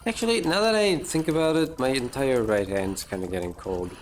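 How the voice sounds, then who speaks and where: A man streaming a game live, rambling in casual chat with self-mocking jokes and drawn-out fillers. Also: medium pitch.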